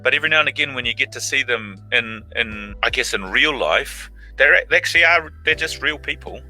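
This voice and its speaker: Bright-voiced man telling stories. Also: medium pitch, fairly quick, soft background music, poor audio. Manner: animated, acts out quoted lines in big voices. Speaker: actor guest. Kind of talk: casual anecdotal storytelling. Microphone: video call.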